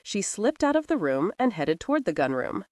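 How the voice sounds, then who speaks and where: A woman narrating a historical romance audiobook in an expressive, dramatic reading. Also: medium pitch, moderate pace, dry recording, studio quality.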